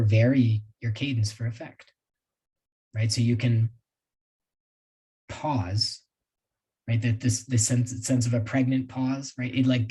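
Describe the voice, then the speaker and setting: Male webinar trainer, mellow, a bit husky, loose conversational delivery, computer mic. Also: medium pitch, poor audio. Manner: conversational, with asides and self-deprecating laughs. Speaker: sales trainer presenting a webinar. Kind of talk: casual live webinar talk.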